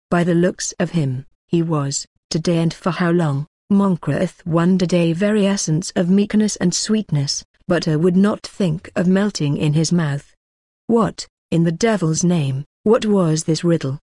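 A woman narrating a novel as an audiobook in a steady, measured reading. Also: fairly low pitch, no room sound, studio quality.

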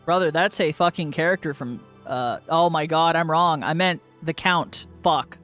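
A man's voice: on the high side, moderate pace, fairly bright tone, faint music behind. Blunt, cursing player man. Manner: blunt, swears freely, jokey. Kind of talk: casual chat between players.

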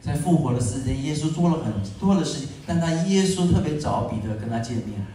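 A man's voice: on the high side, animated, fast, mellow, distant mic, slight background noise. A man interpreting a sermon phrase by phrase, earnestly echoing the preacher's emphasis. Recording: echoey church hall, picked up from afar.

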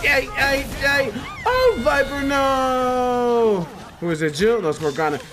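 A man giving casual, excitable commentary while playing a fighting game, gasping and laughing as he reacts. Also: very high-pitched, slow. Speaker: let's player.

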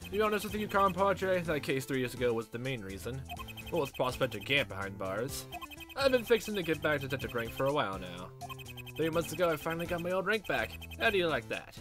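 A man voicing a swaggering cowboy detective in a put-on Texan drawl, folksy and booming, with game music behind. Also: big pitch swings, fast.

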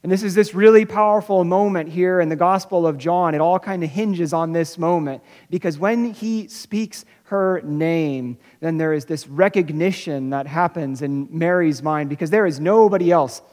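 A pastor preaches an Easter sermon in a church sanctuary, and the voice hangs in a long, ringing hall reverb. The delivery is searching and unpolished, with phrases restarted and words doubled before key lines are slowed for weight. The pitch sits in an ordinary middle range. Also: a little mellow. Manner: searching, repeats words and restarts, slows for emphasis.

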